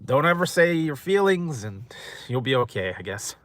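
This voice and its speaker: A man's voice: medium pitch, very animated, normal speed, dry recording. A man hosting a food mukbang, chatting casually with live viewers and rambling, chuckling often. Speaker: mukbang host.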